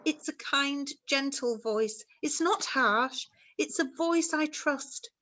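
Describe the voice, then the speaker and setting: A woman plays a ghostly young mother from long ago, begging in old-fashioned thee-and-thou speech. Her voice sits high and sounds bright and ringing. The delivery is earnest, like an amateur stage drama. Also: slow pace. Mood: pleading.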